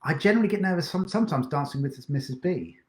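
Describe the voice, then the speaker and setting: A man co-hosting a live question-and-answer session as a dance teacher, talking in a relaxed, rambling way and poking fun at himself. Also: fairly high pitch, quick pace, reverberant. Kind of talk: casual live-stream chat.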